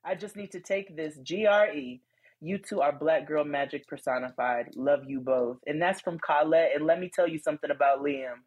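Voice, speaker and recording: A woman co-hosting a casual podcast, reading listener letters with lively, emphatic commentary. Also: low-pitched, normal speed, husky, low-quality recording. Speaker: podcast co-host.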